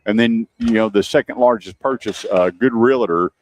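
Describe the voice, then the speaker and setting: A man, his voice low-pitched, hosts a casual radio show recorded outdoors. He talks chattily and tells anecdotes with plenty of laughter. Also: moderate pace, a little hiss or hum. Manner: chatty storyteller, laughs often. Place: outdoors at a shooting range.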